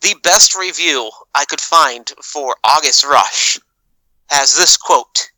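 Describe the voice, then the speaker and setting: A man delivers a blunt, wry take on a podcast panel, his words measured and his tone sharp and very bright. The sound is dry and close. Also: on the high side, dry recording, low-quality recording. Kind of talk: prepared opinion piece.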